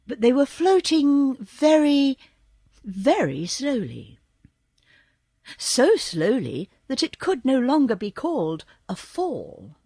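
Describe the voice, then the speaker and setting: A woman reading a children's storybook aloud as audiobook narrator, slow and expressive. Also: sits high, no room sound, clean studio sound. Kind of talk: scripted narration.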